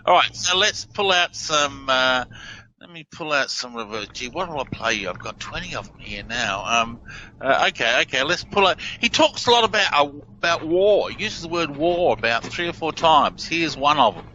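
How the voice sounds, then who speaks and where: An excitable man, eagerly explaining things as a guest on a radio interview. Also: on the high side, moderate pace, slight background noise. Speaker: guest analyst. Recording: dull lo-fi audio.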